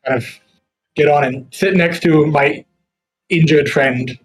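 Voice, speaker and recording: A man's voice: on the high side, a little slow, breathy edge, rough recording. Easygoing young-sounding male player. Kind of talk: casual game talk.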